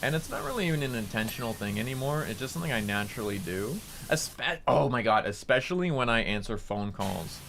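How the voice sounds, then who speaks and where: A man's voice: mid-range voice, animated, a little fast, creaky, hardly any pauses, a bit bright, slight background noise. A young man streaming a game, chatting casually and rambling, with a nasal tone. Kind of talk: casual gameplay commentary.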